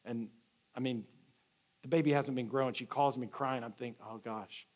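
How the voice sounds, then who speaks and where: A man's voice: medium pitch, fairly even intonation, a little fast, a little mellow. A man, a lead pastor, preaching a sermon in a conversational storytelling way, often restarting his phrases.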